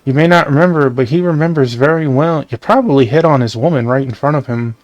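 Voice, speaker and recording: A man reading the part of a cool adult assassin who speaks in a calm, measured, quietly threatening way. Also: a little high, no echo, natural voice. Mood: calm menace.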